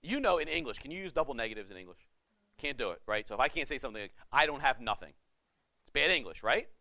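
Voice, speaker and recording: A male pastor preaching a sermon with passion, swinging between loud urging and hushed pleading. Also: medium pitch, expressive, quick pace, dry recording.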